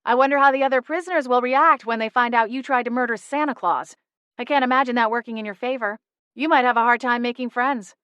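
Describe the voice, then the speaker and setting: A woman voicing a bold, quick-witted young witch who talks in a brisk, commanding way. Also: a little high, fairly bright tone, clean tone, dry recording, dull audio, voice pushed up, natural voice.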